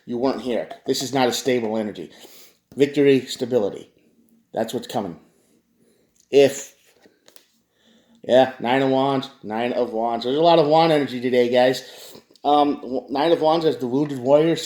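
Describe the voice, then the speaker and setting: A man's voice: mid-range voice, measured pace, pauses often, a little mellow, echoey room. A man giving a casual tarot reading, talking straight to his viewers with frequent restarts. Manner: conversational, addresses viewers directly, frequent restarts. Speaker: tarot reader.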